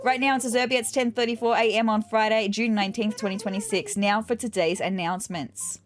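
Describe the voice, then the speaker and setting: A woman's voice: medium pitch, fairly even intonation, a little fast, hardly any pauses. A woman hosting a let's-play, chatting casually and playfully through her game with wry asides. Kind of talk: casual game commentary, reading characters' lines aloud. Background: faint game music.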